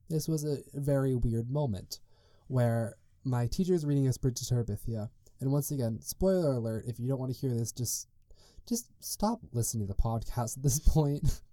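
A man's voice: medium pitch, mellow, no room sound, clean studio sound. A young man hosting a solo podcast, telling stories in a chatty, rambling way full of "like" and side tangents. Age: young adult. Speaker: podcast host. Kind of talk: casual solo podcast storytelling.

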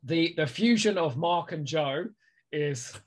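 A man's voice: on the high side, animated, slow. A man co-hosting a podcast in casual comedic chat, teasing his partner and giggling often. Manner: teasing, giggly, playful banter. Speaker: podcast co-host.

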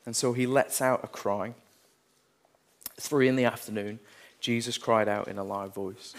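A man's voice: mid-range voice, steady tone, unhurried, pauses often. A man preaching a sermon, earnest, reading scripture passages with rising intensity.

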